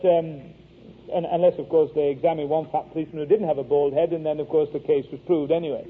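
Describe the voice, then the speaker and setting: Husky preacher on tinny radio. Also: male voice, fairly high pitch. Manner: earnest, anecdotal, wry. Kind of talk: sermon with storytelling. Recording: tinny phone-like radio broadcast.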